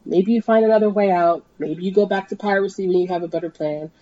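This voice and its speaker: A woman reading a tense story aloud, her voice rising to shouts in the dramatic scenes. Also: medium pitch, fast talker, dry recording, lo-fi sound. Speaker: podcast host and story reader.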